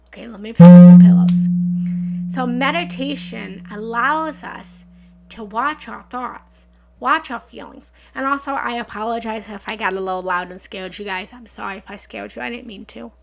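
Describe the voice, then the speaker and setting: A woman with a fairly high, bright voice and a touch of gravel hosts a live meditation talk from her home setup. She chats earnestly with her viewers, repeats her points and thanks them often, and she speaks into a studio mic. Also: normal speed, faint music behind. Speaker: meditation teacher hosting a live session. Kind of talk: casual live-stream talk, reading and answering comments. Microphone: studio mic through a small soundboard.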